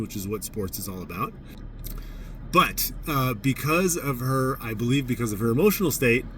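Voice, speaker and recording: Candid judo coach telling a story, distant mic. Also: male voice, medium pitch, slight background noise. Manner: candid, self-mocking, animated when recounting his outbursts. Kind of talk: casual spoken storytelling.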